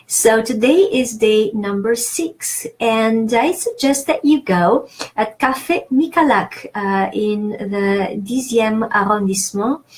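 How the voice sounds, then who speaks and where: Woman, language teacher, slow delivery, patient explaining, frequent fillers. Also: on the high side, darkish tone. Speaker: French teacher. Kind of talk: online language lesson.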